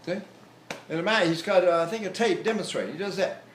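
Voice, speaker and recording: An older man lectures on vocal technique in a rambling, demonstrative way. His speaking voice sits notably high for a man, and he keeps breaking off to show sounds and exercises. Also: fast, a bit bright. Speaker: voice teacher.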